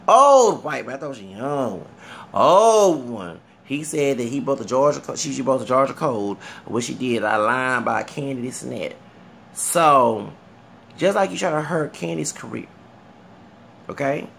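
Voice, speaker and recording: A Southern man with a gravelly, creaky voice rambles through a casual commentary rant, often asking the viewer if they follow him. A faint hiss of noise sits under his talk. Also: medium pitch, lively intonation, moderate pace, a bit bright. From Texas. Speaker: vlogger.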